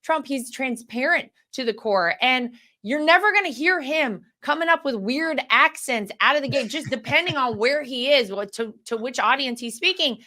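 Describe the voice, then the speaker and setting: A woman's voice: high-pitched, animated, moderate pace, hardly any pauses, sharp tone. A woman from North Carolina speaking as a guest in a political interview, confident and emphatic.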